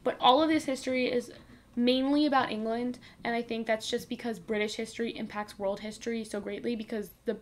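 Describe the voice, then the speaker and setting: A woman's voice: on the high side, fairly even intonation, brisk, slight background noise. A woman co-hosting a podcast, explaining a history segment at length in a loose, informal way. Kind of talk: casual chat.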